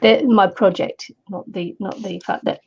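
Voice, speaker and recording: A woman's voice: mid-range voice, steady tone, moderate pace, creaky, darkish tone, slight background noise. A woman chatting casually while crafting over a video call, hesitant with many fillers. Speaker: craft streamer. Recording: dull lo-fi audio.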